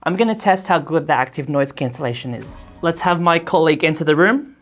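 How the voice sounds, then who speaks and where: A woman's voice: low-pitched, expressive, a little fast. A woman reviewing a headset in a casual, chatty way, with loose phrasing and frequent fillers. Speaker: tech product reviewer.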